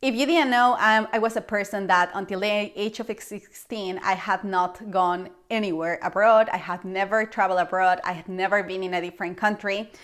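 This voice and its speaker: A young woman from Mexico with a Mexican Spanish accent, a Spanish native speaker, telling a casual vlog story and acting out her own reactions with lively exclamations. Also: medium pitch, brisk, few pauses. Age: young adult. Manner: animated, acts out her past reactions with exclamations. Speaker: vlogger.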